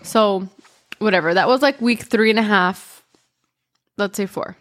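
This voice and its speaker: A woman talks through a personal story on her podcast in a relaxed, chatty way. She leans on "like" and "um" and shifts between quick bursts and slow pauses. Her pitch sits in an everyday middle range. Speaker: podcast host.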